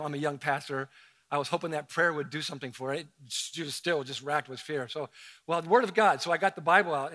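A middle-aged pastor from Southern Ohio preaches a sermon as conversational, animated storytelling, adding self-mocking asides. His voice is on the high side.

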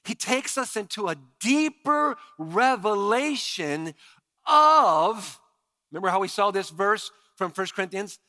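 Bright-voiced pastor preaching animatedly. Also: male voice, a little slow. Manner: animated storytelling with repeated stammered restarts; drops to a quiet low voice for emphasis. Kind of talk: sermon. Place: church sanctuary.

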